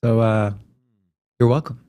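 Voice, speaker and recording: A man's voice: mid-range voice, flat delivery, measured pace, dark tone, smooth. A man co-hosting a casual crypto livestream, tired from no sleep, teasing his co-host and walking through charts. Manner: joking, teasing, then explaining charts.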